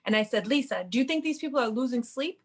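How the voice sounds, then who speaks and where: A woman in casual podcast chat, telling her story in an animated way and quoting what she told herself. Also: a little high, fast. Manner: animated, quotes her own inner talk. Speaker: podcast co-host.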